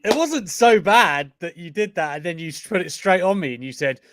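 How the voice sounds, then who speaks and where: A man hosting a casual podcast, his voice pitched a little high and swinging up and down as he reacts. He laughs often and jumps in with quick asides. The sound is dry and close, with no room around it. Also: no echo. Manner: lively, laughs often, chatty interjections. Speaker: podcast host.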